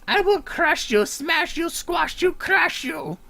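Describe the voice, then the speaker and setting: A man's voice: extremely high pitch, expressive, slow, vocal fry, sharp tone, voice pushed up, full character voice. Man voicing a raised, pompous kobold villain. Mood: menacing. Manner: theatrical threats stacked in lists. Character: menacing, pompous male kobold boss.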